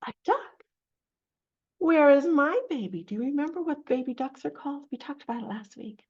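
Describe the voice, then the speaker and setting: A woman running a children's storytime, reading a picture book and coaxing the kids to join in with a lively, sing-song manner. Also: high-pitched, fast, slightly rough, muffled recording. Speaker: children's librarian.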